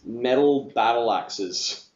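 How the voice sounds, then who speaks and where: A man narrating as game master of a tabletop game at a table with players, pausing often with ums and restarts. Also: mid-range voice, echoey room, muffled recording. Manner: halting, frequent restarts and ums. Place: room with several players around a table.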